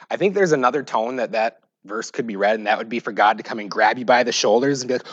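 A pastor preaching a sermon, moving between loud, emphatic scripture reading and quiet, joking asides. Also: male voice, medium pitch, fast talker, hardly any pauses, breathy edge, dry recording, lo-fi sound. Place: church.

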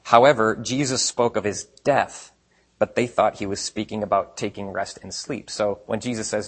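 A man preaching a sermon in a conversational way, asking rhetorical questions and swinging between quiet asides and emphatic points. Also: on the low side, normal speed, breathy edge. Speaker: pastor.

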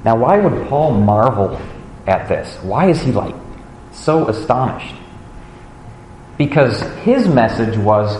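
A man preaching a sermon in a loose, conversational way, full of stories and playful asides. His voice sits at an ordinary middle pitch. It rings with the long echo of a big hall, over a faint hum of noise. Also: sing-song, a little slow, pauses often, darkish tone. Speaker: pastor.

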